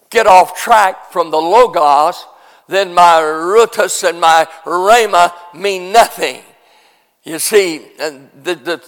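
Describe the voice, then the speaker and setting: Man preaching, high voice, slow deliberate delivery, swells to shouts, echoing church hall. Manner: builds from quiet teaching to shouted preaching; teases and coaxes the congregation. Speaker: pastor. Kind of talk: revival sermon. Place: church sanctuary.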